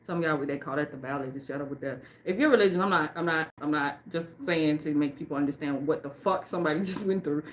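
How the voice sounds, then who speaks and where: A woman doing a livestream card reading off camera, speaking emphatically and with a lot of swearing, and reading the card text aloud slowly. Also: sits low, slight background noise. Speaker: tarot and oracle card reader. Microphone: off camera, face not shown.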